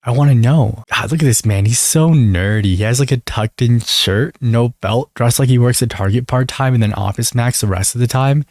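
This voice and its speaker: A young man recapping a reality TV show in a sarcastic, gossipy, animated manner. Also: mid-range voice, moderate pace, few pauses, no room sound, clean studio sound. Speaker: video creator.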